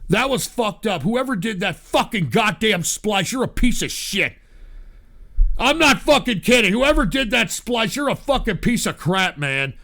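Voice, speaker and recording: A man's voice: high-pitched, big pitch swings, measured pace, gravelly. A slightly drunk man hosting a show, ranting angrily and swearing at his audience. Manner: yelling, swearing, bitter rant. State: tipsy. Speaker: show host. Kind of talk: angry profane rant to an online audience.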